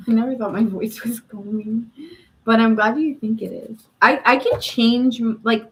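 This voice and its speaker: A woman's voice: fairly high pitch, a little slow, a bit bright, poor audio. A woman hosting a live tarot reading stream, chatting casually and answering viewer comments with frequent laughs.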